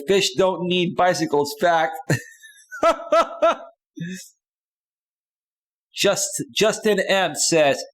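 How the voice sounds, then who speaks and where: A man coaching on dating, talking casually on a live stream as he reads out chat comments and reacts to them, often tagging "right?" onto his points. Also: fairly high pitch. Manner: emphatic, repeats "right?" often.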